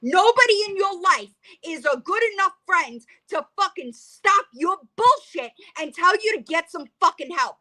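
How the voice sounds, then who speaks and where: Fiery high-pitched ranting woman. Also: lively intonation, moderate pace, hardly any pauses, bright, forceful tone. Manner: heated, profane, confrontational. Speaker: commentary vlogger. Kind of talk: angry reaction rant.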